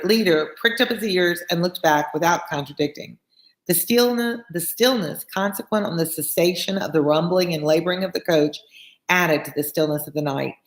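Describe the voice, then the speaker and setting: A woman tutor reading a classic novel aloud, stopping for chatty asides that explain old words plainly. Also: low voice. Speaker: read-along tutor. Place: home room with a fan on. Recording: echoey room.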